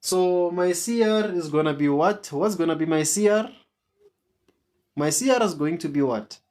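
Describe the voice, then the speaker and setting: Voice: mid-range voice, lively intonation, normal speed, darkish tone. A maths tutor, teaching an online lesson and repeating each question to coax answers from students.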